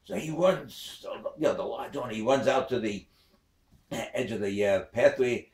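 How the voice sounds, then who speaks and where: A man's voice: medium pitch, normal speed. A man telling a long joke in a rambling way, full of "uh" and "you know". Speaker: joke teller. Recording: echoey room, distant mic.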